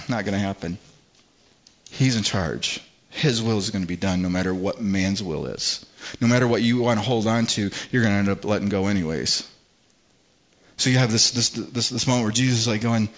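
A man's voice: on the low side, brisk. Conversational male pastor preaching. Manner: conversational preaching, acts out quoted voices. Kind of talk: sermon. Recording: slightly dull, muffled sound.

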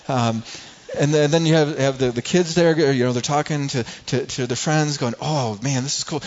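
A man's voice: mid-range voice, steady tone, fairly quick, few pauses, a little mellow, dull audio. A middle-aged man preaching a sermon in a conversational way, often repeating words and acting out everyday people. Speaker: pastor.

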